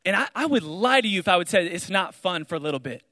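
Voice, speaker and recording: A young man giving a spoken testimony to an audience, telling his story with lively storytelling and acting out the voices of the people in it. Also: sits high, quick pace. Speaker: speaker sharing his testimony. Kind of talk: testimony talk to a crowd. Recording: large hall reverb.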